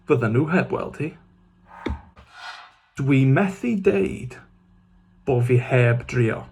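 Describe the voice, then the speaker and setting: Gravelly man teaching with dry humour. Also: mid-range voice, a little mellow. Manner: dry, self-mocking humour; switches between Welsh phrases and English glosses. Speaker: Welsh language teacher. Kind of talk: scripted casual lesson.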